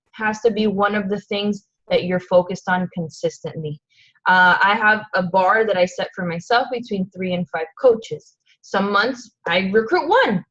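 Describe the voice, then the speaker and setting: A woman's voice: mid-range voice, a bit bright, muffled recording. A woman leading a motivational team call, earnest and emphatic, firing off rhetorical questions. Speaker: team leader on a coaching call. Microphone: phone or conference line.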